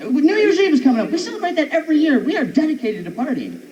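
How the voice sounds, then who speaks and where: A man doing a stand-up routine on an outdoor stage, animated and chatty with the crowd. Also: extremely high pitch, quick pace. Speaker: stand-up comedian. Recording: muffled live recording with background noise.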